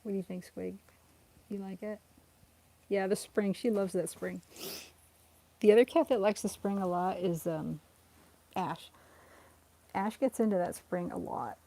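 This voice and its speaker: Unhurried and dark-toned, with long pauses, this young woman livestreams casually from home as her rescue cats play. She's giggly and chatty, laughing often and cooing at the cats in a high, coaxing voice.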